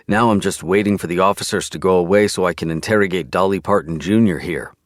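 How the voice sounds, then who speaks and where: A man's voice: low voice, fast, no room sound, clean studio sound. A man narrating an audiobook in first person, with a sardonic, drawling delivery.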